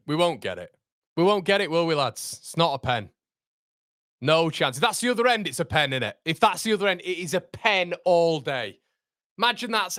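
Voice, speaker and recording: A young man reacting live to a football match for his fan channel, swinging from groans to excited shouts. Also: on the high side, no echo, studio quality.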